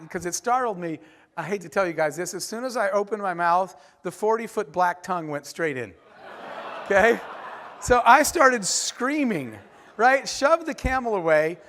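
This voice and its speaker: A man delivers a storytelling keynote in a large conference hall, his voice sitting high for a man. He talks in an animated, conversational way, tossing quick asides to the crowd. A long reverb trails behind each phrase. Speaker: keynote speaker.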